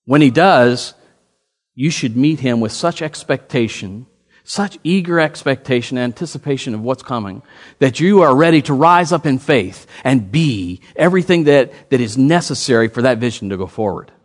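A man preaching a sermon as pastor, telling a story with lively swings in his voice. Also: mid-range voice, moderate pace.

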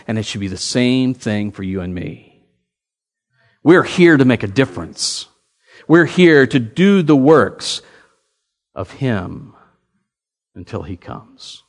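A man's voice: mid-range voice, big-room sound. A man preaching a sermon, telling a story with quoted dialogue and building to emphatic calls to the congregation. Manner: animated, rising to emphatic calls. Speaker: pastor.

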